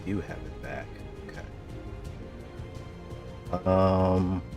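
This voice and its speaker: A man with a very deep voice plays a tabletop game over voice chat, taking his time and reasoning through each move out loud. Faint music sits low behind him. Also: gravelly. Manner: deliberate, thinks aloud about tactics. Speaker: player.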